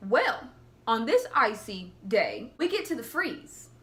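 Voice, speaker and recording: A young woman tells funny stories to her camera. Her voice is bright and rather high, and she acts out each quote with animated energy. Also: takes it slowly. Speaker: vlogger. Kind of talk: casual storytelling.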